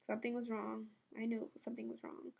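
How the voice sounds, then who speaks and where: A tearful woman in her twenties from the San Francisco Bay Area, speaking softly and haltingly in a personal memorial video. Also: on the high side, monotone, creaky. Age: 20s. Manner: soft, halting and emotional. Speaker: vlogger.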